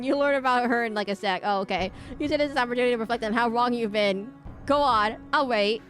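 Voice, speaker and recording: A woman's voice: a little high, expressive, normal speed, soft background music. Chatty woman game streamer. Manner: chatty, rambling, self-questioning. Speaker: streamer playing a horror game. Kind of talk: let's play commentary and reading aloud.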